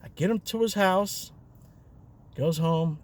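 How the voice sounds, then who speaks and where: A man's voice: high-pitched, takes it slowly. A man, a rideshare driver and vlogger, telling a story in a chatty, loose way with fillers and chuckles. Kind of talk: casual storytelling.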